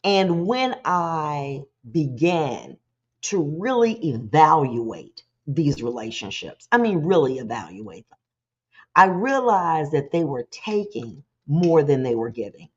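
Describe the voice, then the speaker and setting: On her motivational talk show, this host preaches with animated, chatty energy, dropping into quick voices to act out scenes. She has a husky low voice, recorded with lo-fi sound.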